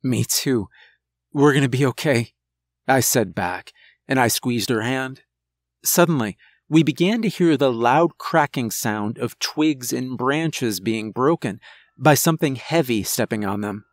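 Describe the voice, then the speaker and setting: Male horror narrator, slow unhurried delivery, close dry sound, soft music behind. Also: mid-range voice, expressive, no room sound. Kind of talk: first-person horror story narration. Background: faint music.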